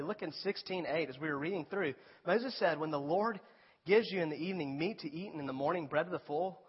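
A man's voice: fairly high pitch, breathy edge. A man preaching a sermon as a pastor, talking in a conversational way and rising to emphatic appeals. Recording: dull sound with long reverb in a large hall.

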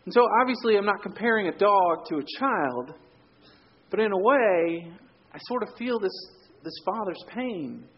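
Male pastor, relaxed storytelling sermon, fairly high voice, muted lo-fi sound. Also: moderate pace, husky. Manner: conversational storytelling, drops to quiet for emphasis.

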